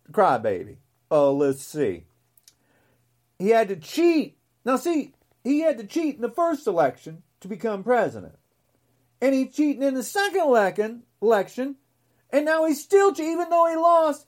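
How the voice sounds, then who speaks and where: A woman's voice: sits high, very animated, moderate pace, a little mellow. A woman in her sixties hosting her own podcast, ranting in a mocking, scornful way. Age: 60s. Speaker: podcast host. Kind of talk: ranting solo podcast monologue.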